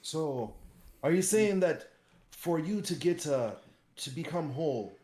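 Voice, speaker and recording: A man's voice: a little high, expressive, measured pace, warm tone. A man playing a tabletop game, talking in a rambling, playful way. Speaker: player. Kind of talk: casual tabletop role-play. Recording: echoey room.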